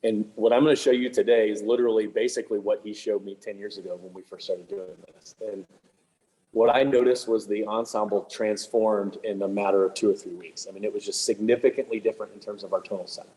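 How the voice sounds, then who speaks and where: A man leading a clinic for music teachers, talking in a quick, chatty, joking way with lots of fillers and restarts. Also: lowish voice, steady tone, dark tone, poor audio. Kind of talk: casual clinic presentation. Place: room with attendees present, also on video call.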